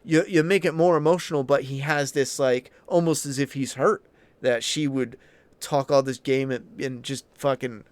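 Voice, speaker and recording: A man's voice: medium pitch, fairly even intonation, moderate pace, dry recording. Blunt, swearing man ranting. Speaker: channel host. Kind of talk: casual opinion commentary, answering viewer chat.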